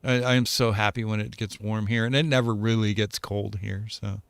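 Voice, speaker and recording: A man's voice: fairly low pitch, steady tone, a little fast, vocal fry, clear, resonant tone, no room sound. A man chatting casually while playing a game, joking and rambling. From United States. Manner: joking, rambling, frequent laughs. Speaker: gamer co-host. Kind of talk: casual chat while gaming.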